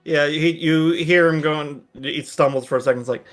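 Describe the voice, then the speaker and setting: A man's voice: on the high side, fairly even intonation, moderate pace. A man narrating as game master of a tabletop game, talking loosely with hesitations. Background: faint background music.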